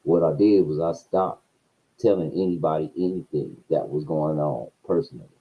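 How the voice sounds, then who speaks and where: A man telling a profane story in a casual rant, his voice swinging between low mutters and loud outbursts. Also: normal speed, breathy edge, narrow, tinny audio. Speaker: streamer.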